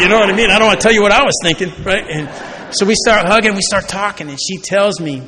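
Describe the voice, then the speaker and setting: A man's voice: on the high side, sharp tone. A man from Oregon giving a personal recovery talk at a convention. He tells his story by acting out conversations and often checks in with the crowd by asking "right?". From Oregon, USA. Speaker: recovery meeting speaker. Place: large convention hall. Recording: long hall reverb, faint background noise.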